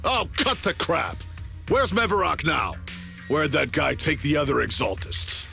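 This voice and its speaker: A man's voice: a little high, sing-song, a little slow, gravelly, sharp tone, faint music behind, exaggerated voice. An actor playing an irritated male gang boss in a game cutscene, blunt and demanding. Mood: impatient. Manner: impatient and demanding.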